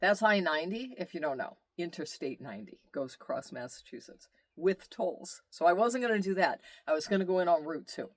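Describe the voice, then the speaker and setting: A man telling a long road-trip story in casual, rambling storytelling, animated, with asides and exclamations. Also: sits high, a little fast, hardly any pauses, dry recording. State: tired. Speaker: vlogger telling his travel story.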